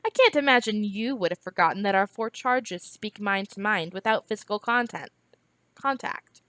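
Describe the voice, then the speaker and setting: A woman reading aloud, voicing a sharp-tongued woman healer who speaks mockingly and scornfully. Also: mid-range voice, normal speed, no echo, natural voice.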